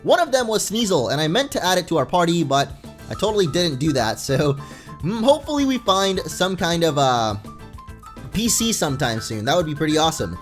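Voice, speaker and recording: Faint game music sits under this young man's casual, rambling commentary as he plays a video game and reads its text out loud in let's play style. He talks briskly, his slightly high voice very animated.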